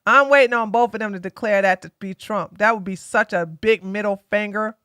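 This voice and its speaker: A woman's voice: medium pitch, brisk, a bit bright, smooth, no room sound. Give me a chatty, sarcastic woman live-stream host with a dry, close sound. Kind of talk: casual live commentary. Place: home in Georgia.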